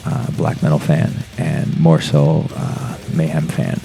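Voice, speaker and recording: A man's voice: extremely low pitch, flat delivery, slow pace, vocal fry, dark tone, slight background noise. A man, a podcast guest, telling a rambling, profane story in casual chat and laughing as he goes.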